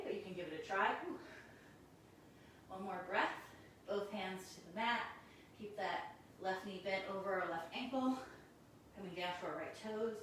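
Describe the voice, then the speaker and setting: A woman teaching a guided yoga class, giving calm, encouraging cues while doing the poses and a little out of breath. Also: mid-range voice, very echoey, distant mic, slight background noise, poor audio. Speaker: yoga instructor.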